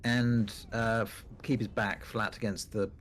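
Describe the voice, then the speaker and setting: A man playing a tabletop game, describing his character's moves in a deliberate way. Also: lowish voice, level tone, a little hiss or hum. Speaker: player.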